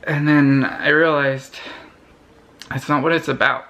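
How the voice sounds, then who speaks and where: A young man vlogger telling a personal story to camera in an earnest, halting way, often restarting his sentences. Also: fairly high pitch, fairly even intonation, gravelly, bright, forceful tone.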